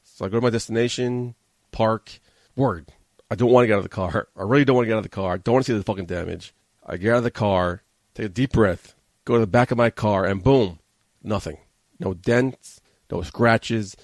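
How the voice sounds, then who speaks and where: A man's voice: lowish voice, a little fast, dry recording. A man from New hosting a podcast, telling a story in a casual, profane, agitated and rambling way. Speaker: podcast host. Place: studio.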